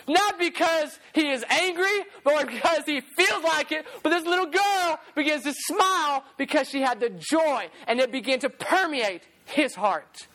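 High-pitched and unhurried, the preacher barely pauses while narrating an animated sermon, repeating key phrases and now and then singing.

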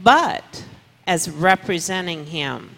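A female pastor preaching at a church service, reading scripture aloud slowly with emphasis. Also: lowish voice, lively intonation, creaky, a bit bright. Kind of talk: sermon. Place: church sanctuary. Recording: long reverb of a church hall.

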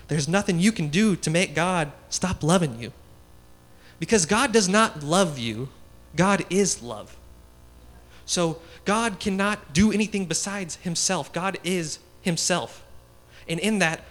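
A man's voice: on the high side, a bit bright. A young man giving a casual, story-driven sermon, chatty and laughing as he talks. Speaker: guest speaker.

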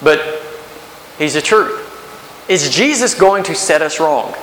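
Preaching pastor in an echoey hall. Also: male voice, a little high, expressive, takes it slowly, a bit bright. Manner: conversational preaching with rhetorical questions and restarts. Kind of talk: sermon. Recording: echoey hall with faint hiss.

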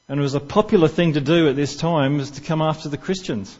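A man's voice: on the high side, fast talker, hardly any pauses, a little mellow, muffled recording. A man preaching a sermon in church, talking conversationally and asking the congregation questions.

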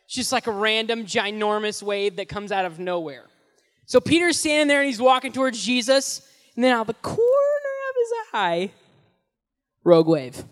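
A young man preaching as a youth pastor, telling the story in an animated, casual way with slang, swinging between loud and hushed, in a large hall. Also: very high-pitched, normal speed. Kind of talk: sermon. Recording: long echoey hall reverb.

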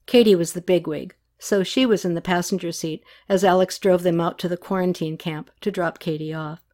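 A woman narrating a novel aloud in an even, unhurried way. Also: lowish voice.

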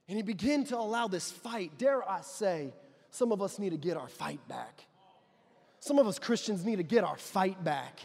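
High-voiced impassioned male preacher. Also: lively intonation, moderate pace, gravelly. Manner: impassioned, builds to loud declarations with repeated phrases. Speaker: pastor. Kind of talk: sermon. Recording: long reverb of a large hall.

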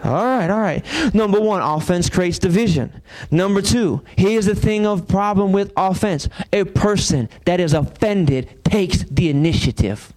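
A man's voice: high-pitched, measured pace, few pauses, darkish tone. A man, preaching a sermon as pastor and throwing rhetorical questions at his congregation. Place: church sanctuary.

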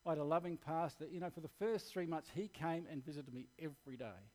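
A man's voice: on the high side, fast talker, darkish tone. Earnest Australian man preaching. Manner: earnest, candid personal storytelling. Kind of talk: sermon.

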